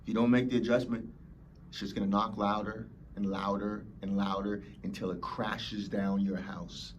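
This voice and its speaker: A man's voice: fairly low pitch, level tone, moderate pace, highs cut off, a little hiss or hum. A man hosting a motivational podcast, preaching emphatically and acting out whiny complainers. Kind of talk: motivational talk.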